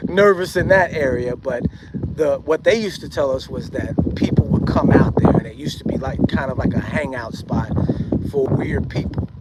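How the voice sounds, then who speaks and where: A man casually telling a personal story as a podcast host, in an animated way, now and then mimicking hooting bird calls. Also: very noisy. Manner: animated, imitates bird calls in a high hoot.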